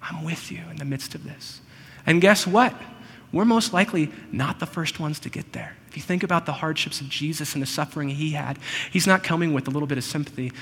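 A man preaching a sermon, earnest and personal, often slowing down to stress a point. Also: a little high, fairly bright tone, breathy edge, big-room sound. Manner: earnest, personal, slows for emphasis. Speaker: pastor.

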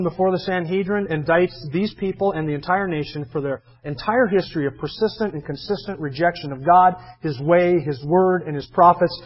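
A man preaching a sermon, emphatically reading scripture verses aloud and commenting on them between readings. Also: on the high side. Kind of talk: expository sermon. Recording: dull lo-fi sermon recording.

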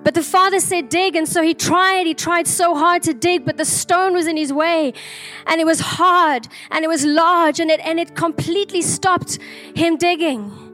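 A woman's voice: very high voice, moderate pace, fairly bright tone, faint music behind. A woman earnestly sharing a prophetic vision as a flowing, repetitive story. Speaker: prophetic speaker.

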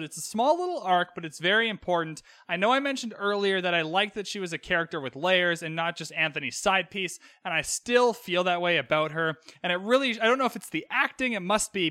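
High bright-voiced man recapping candidly. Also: no echo, clean studio sound. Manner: candid, animated, swears freely. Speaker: podcast host. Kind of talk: casual episode recap.

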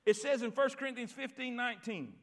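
High bright-voiced preacher. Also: male voice, a little fast. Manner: repetitive, call-and-response preaching that builds to shouts. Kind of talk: sermon. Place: church.

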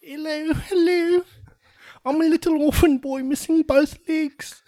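A performer voicing a cheeky, taunting little orphan boy in an improvised comedy sketch, pitched well above their own voice. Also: fairly even intonation, a little slow, mellow. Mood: sneering. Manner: bratty, taunting, giggly.

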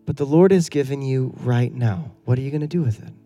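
A man's voice: mid-range voice, brisk, warm tone, faint music behind. A middle-aged male pastor delivering an earnest, conversational sermon full of rhetorical questions.

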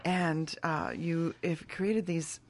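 A woman's voice: low voice, fairly even intonation, slow, darkish tone. A woman hosting a radio interview, welcoming her guest and encouraging her. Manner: encouraging, affirming. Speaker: radio host. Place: radio studio.

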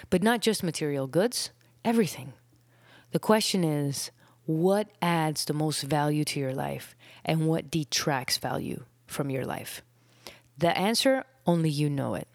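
A young adult woman hosting her own podcast, a little out of breath, talking in an earnest, reflective way, with phrases trailing off into soft breathy whispers. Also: low voice, dry recording, clean studio sound. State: out of breath after illness. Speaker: podcast host. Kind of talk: casual solo podcast talk.

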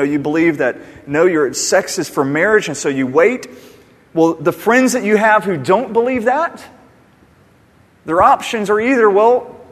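A male pastor preaches in an emphatic, conversational way. His voice sits a little high and has a husky edge. A long reverb trails each phrase, as in a large hall. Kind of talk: conversational sermon.

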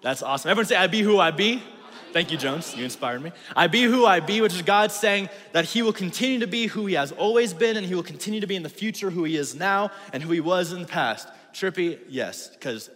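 Young guy youth pastor, kinda high voice, super casual and slangy, church hall echo. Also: lively intonation, quick pace, few pauses, fairly bright tone. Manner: casual slangy, call-and-response with audience. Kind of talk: youth ministry sermon. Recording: reverberant hall.

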